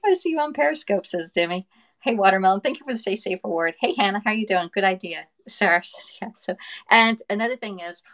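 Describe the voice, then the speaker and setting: A middle-aged woman from the northern United States hosting a cooking livestream, chatting fast, laughing often and reading viewer comments aloud. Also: mid-range voice, a bit bright, low-quality recording. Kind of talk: casual livestream chat.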